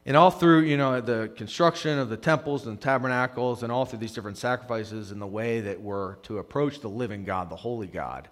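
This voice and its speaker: Speaking briskly with few pauses, this male pastor has a mid-range voice. His conversational sermon alternates between loud emphasis and quiet murmurs, and he often repeats words as he begins a phrase.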